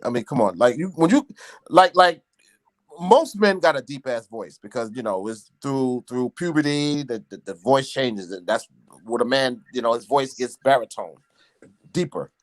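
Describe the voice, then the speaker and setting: A man talking in an animated, opinionated way during a casual chat, laughing between his points. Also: mid-range voice, normal speed, no room sound.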